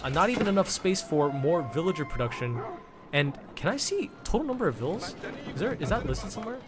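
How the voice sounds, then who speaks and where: A man's voice: sits high, very animated, a little fast. Man casting a strategy game over music. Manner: rambling, restarts words, laughs. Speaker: caster. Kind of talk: live esports commentary. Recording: music playing behind.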